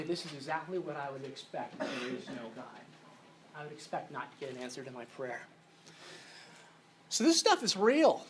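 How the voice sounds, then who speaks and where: Man giving an animated youth seminar. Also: on the high side, a little hiss or hum. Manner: conversational, swings between hushed and animated. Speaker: seminar speaker. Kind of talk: youth conference talk. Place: conference hall with an audience.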